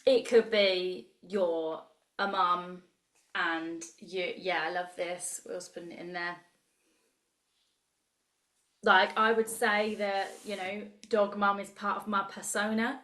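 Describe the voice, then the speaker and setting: A woman in her thirties with a steady, fairly bright, middle-range voice speaks slowly while coaching a live online group. She's chatty and enthusiastic, reacting to the chat, and her room has a noticeable echo.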